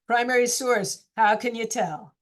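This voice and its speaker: A woman's voice: fairly high pitch, unhurried. A woman teacher running a casual online class discussion, chatty and encouraging, asking students question after question.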